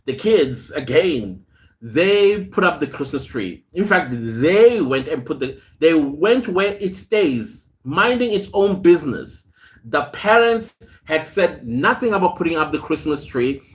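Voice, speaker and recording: A man hosts a casual live stream, reading out viewer comments and greeting people by name. He speaks at an unhurried pace in a somewhat high voice. His stories wander in a chatty way, broken up by laughs. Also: very animated. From South Africa. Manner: reads viewer comments aloud and greets them; chatty storytelling with frequent laughs. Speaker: host.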